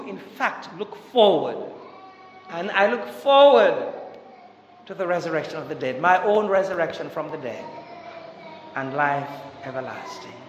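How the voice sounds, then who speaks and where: A man preaching a Catholic sermon with passion, asking rhetorical questions and swinging between loud urgency and hushed tones. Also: high-pitched, a little hiss or hum. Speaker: Catholic priest. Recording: echoey church with long reverb.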